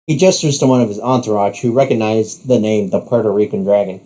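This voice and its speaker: Mellow male storyteller. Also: on the low side, fast talker, few pauses. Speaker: narrator. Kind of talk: second-person story narration.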